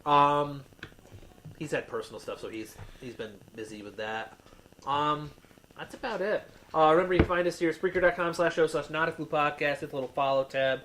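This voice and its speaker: A man's voice: on the high side, fairly even intonation, brisk, fairly bright tone, slight background noise, low-quality recording. Rambling male podcast host. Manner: rambling, full of fillers and restarts. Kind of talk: casual chat.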